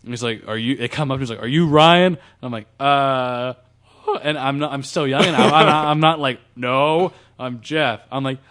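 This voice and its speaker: A man telling a funny personal story to friends on a podcast, animated and full of restarts. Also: medium pitch, normal speed, clear, resonant tone. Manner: animated, laughs while telling, lots of restarts. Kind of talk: casual storytelling among friends.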